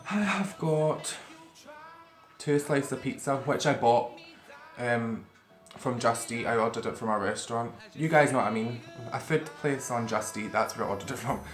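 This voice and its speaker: A man chats at his own pace in a roomy, echoing space, with faint music behind him. He rambles on and swears freely while eating on camera. His voice sits at an ordinary middle pitch. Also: moderate pace. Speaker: vlogger. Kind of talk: casual eating-show chat to camera. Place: room at home. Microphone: camera facing him.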